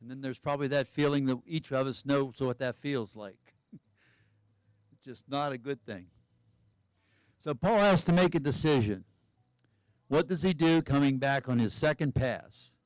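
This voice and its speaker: A man's voice: on the high side, clear, resonant tone, no echo. A man giving live sports commentary who chats and thinks aloud about each skier's options.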